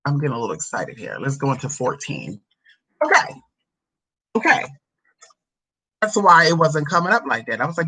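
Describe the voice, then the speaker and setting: Sassy, husky-voiced woman vlogger. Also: low voice, huge pitch swings, normal speed, long pauses, sharp tone, rough recording. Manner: sassy, profane, chatty, drawls "honey" and "girl". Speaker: spiritual reader answering a viewer's question. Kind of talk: casual vlog with scripture reading.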